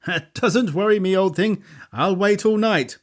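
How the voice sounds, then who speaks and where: A man voicing an eager, eccentric young gentleman in an audiobook, speaking in bright, emphatic bursts. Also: high-pitched, a little slow, pitched above the performer's own voice. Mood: jaunty. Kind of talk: audiobook character voice.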